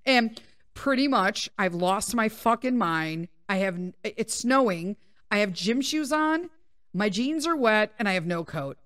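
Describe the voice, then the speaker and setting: A woman podcast host telling a story in casual chat, animated and full of swearing. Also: mid-range voice, measured pace, no echo, clean studio sound. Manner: profane, animated, laughing.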